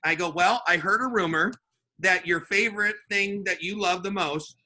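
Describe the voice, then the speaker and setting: Sales manager guesting on a chat show, a man who tells animated stories and performs every line of dialogue. High-pitched, sharp and forceful. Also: normal speed. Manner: acts out the dialogue in his stories with voices. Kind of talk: animated storytelling in casual chat.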